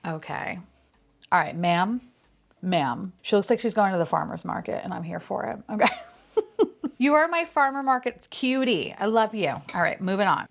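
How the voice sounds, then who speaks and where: Bubbly woman with a lively voice. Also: mid-range voice. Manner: bubbly, swears, frequent laughs and squeals. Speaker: unboxing vlogger. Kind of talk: casual unboxing chat.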